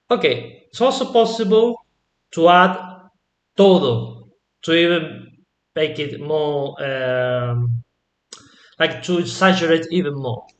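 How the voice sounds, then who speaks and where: Man, Spanish teacher, slow patient explaining, slightly high voice. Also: roomy sound, highs cut off. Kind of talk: online language lesson.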